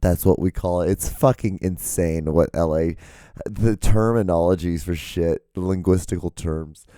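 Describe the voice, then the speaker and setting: A man hosting his own show in a casual, rambling monologue, with a hoarse, cracking voice. He swears freely and his voice jumps high when he gets worked up. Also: moderate pace, no echo, clean studio sound. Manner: profane, excitable, voice jumps high when ranting. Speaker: podcast host. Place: home setup with lights and camera. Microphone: studio microphone.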